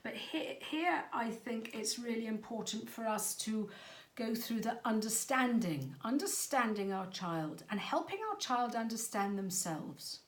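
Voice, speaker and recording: A woman's voice: fairly high pitch, lively intonation, measured pace. Earnest woman in an echoey room. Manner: earnest, conversational, stumbles over words. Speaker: parenting coach. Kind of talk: talk to parents.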